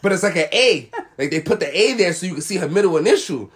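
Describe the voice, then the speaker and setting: A young man co-hosting a casual chat, telling a story with laughter and loud acted-out quotes. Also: high voice, fast talker. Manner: animated, laughing, acts out quotes loudly.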